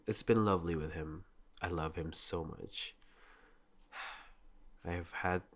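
A young man chatting casually and rambling, with lots of "like" and frequent laughter. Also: deep voice. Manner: rambling, heavy use of "like", laughs often.

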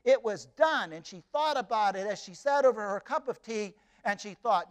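High-voiced male storyteller. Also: animated. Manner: dramatic pauses, repetition, emphatic. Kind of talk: expressive storytelling.

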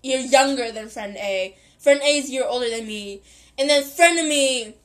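A woman in her twenties hosts a podcast. Her high-pitched voice carries a story that wanders and circles back on itself. She giggles often and corrects herself mid-sentence. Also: normal speed, fairly bright tone. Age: 20s. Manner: giggly, rambling, self-correcting. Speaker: podcast host. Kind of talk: casual rambling storytelling.

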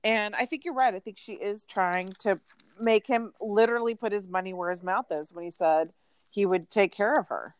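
A woman co-hosting a casual chat, animated and storytelling, full of "like" asides. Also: medium pitch, normal speed, dry recording. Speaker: podcast co-host. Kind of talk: casual chat recapping a reality show.

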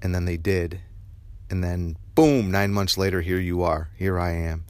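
A man's voice: deep voice, a little slow, a little mellow, dry recording. A man hosting a podcast, giving an earnest, reflective spiritual self-help tip. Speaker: podcast host.

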